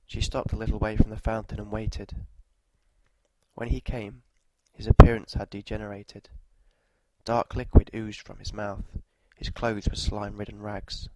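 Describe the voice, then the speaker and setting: A man narrating a scripted story in a measured, even delivery, with walking directions at the end. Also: on the low side, very noisy.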